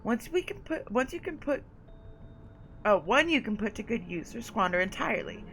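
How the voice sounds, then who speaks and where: A woman's voice: on the high side, sing-song, normal speed, fairly bright tone, a little hiss or hum, poor audio. A woman voicing a haughty, condescending female vampire sire, reading game dialogue aloud with drawled endearments.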